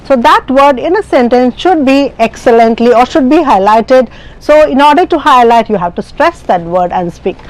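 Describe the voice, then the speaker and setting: A woman with an Indian English accent teaches an IELTS speaking lesson in a classroom lecture, explaining things with many fillers and restarts. Her voice is high-pitched and animated, her pace moderate, and the audio poor.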